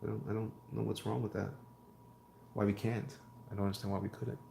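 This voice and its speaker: Gravelly-voiced man chatting while drawing. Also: on the low side, level tone, brisk, mellow, echoey room, a little hiss or hum. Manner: rambling, jokey, reads chat aloud and riffs. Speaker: comic artist streaming while drawing. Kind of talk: casual live-stream chat.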